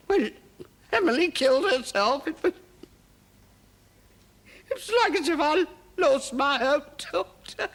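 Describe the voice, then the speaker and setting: An actress playing a strict middle-aged cook in a great house, speaking in a husky, halting voice. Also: female voice, sits high, exaggerated voice. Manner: defensive then grieving, broken speech. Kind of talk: period television drama.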